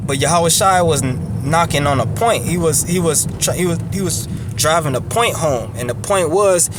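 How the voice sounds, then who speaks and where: A man's voice: a little high, normal speed, few pauses, noisy background. A man preaching an earnest, conversational sermon who repeats himself and checks in with his listeners.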